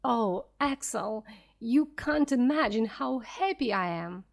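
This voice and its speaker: An eager old professor explorer, read aloud by a woman in a storybook reading. He explains things slowly and clearly, and his voice climbs high and swoops about. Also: big pitch swings, full character voice. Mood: excited. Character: excited elderly male professor explorer.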